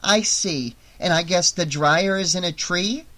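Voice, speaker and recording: A man's voice: high-pitched, measured pace, pushed and bright, pitched above the performer's own voice. A man voicing a sarcastic teenage babysitter. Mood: teasing. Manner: teasing, sarcastic.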